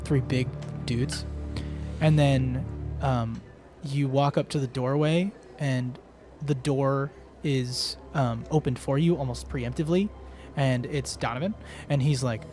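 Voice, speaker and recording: A man's voice: medium pitch, steady tone, slow pace, over music. A man running a tabletop game, narrating in a casual, filler-heavy way. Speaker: game master.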